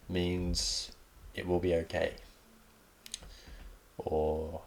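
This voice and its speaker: A man's voice: low-pitched, level tone, takes it slowly, gravelly, long pauses, darkish tone, a little hiss or hum. A young Australian man hosting a casual solo podcast, rambling in a laid-back way with lots of ums. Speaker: podcast host.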